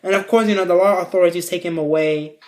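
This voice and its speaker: A man's voice: high-pitched, fairly even intonation, fast, background noise. A man telling a story in a casual vlog, rambling, swearing freely, and full of fillers. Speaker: vlogger.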